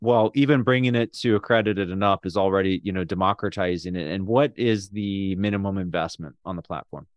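A man's voice: sits low, brisk, hardly any pauses, dry recording, lo-fi sound. A man hosting an interview podcast, chatting casually, pushing back and laughing easily. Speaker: podcast host.

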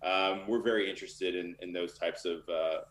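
A man's voice: low voice, fairly even intonation, normal speed, fairly bright tone, roomy sound. A man talking casually and candidly as a guest in an interview, with lots of fillers. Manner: loose and candid, many fillers. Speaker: literary manager.

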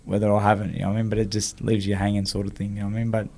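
A man recounts a personal story as an interview guest. His voice sits a little low, and he brings his story to life by acting out what people said. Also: very fast, vocal fry. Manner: animated storyteller, acts out quoted dialogue. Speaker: guest, former boxer.

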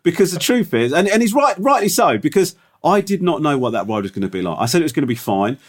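A middle-aged man spins a story in loose podcast banter. His voice leaps up and down with lively pitch as he stumbles through restarts and fillers. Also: fast. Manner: animated, rambling with restarts and fillers. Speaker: podcast co-host. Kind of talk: casual storytelling chat.

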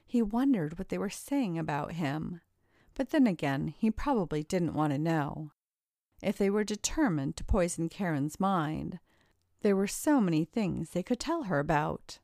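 Woman narrator, low voice, dry close sound, measured storytelling, audiobook. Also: lively intonation, vocal fry, darkish tone, no room sound.

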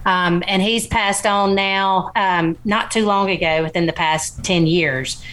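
A woman's voice: mid-range voice, fairly even intonation, a little slow, fairly bright tone. A woman, a small-business founder, talking eagerly and upbeat as an interview guest. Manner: upbeat and eager, laughs easily. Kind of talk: casual interview talk.

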